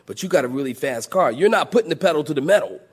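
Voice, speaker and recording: A middle-aged man, a pastor, preaching a sermon as an animated storyteller who drops low and soft, then rises loud and high. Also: rapid-fire, husky.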